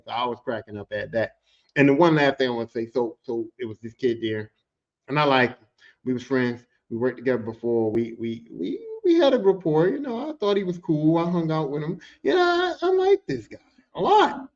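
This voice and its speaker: Swearing freely and speaking casually, a man on a podcast recounts a story from work and performs the voices of everyone he quotes, all with real animation. He has a medium-pitched voice and talks fairly quickly, recorded with dull lo-fi audio.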